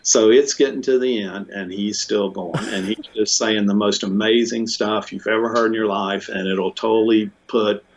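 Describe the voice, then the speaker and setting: A man being interviewed, telling a long story in a casual, rambling way with many restarts, fillers and bursts of excitement. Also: on the low side, moderate pace, few pauses. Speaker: interview guest, musician. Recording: muffled lo-fi audio.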